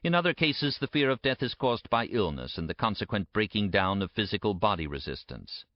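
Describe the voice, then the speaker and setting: A man giving a measured, emphatic audiobook narration. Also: fairly low pitch, sing-song, no echo. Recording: dry, dull lo-fi recording.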